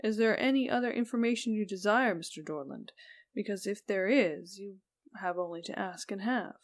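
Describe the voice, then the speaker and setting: A woman reading a Victorian ghost story aloud as an audiobook narrator, slow and even, dropping softly on the speech tags. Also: mid-range voice.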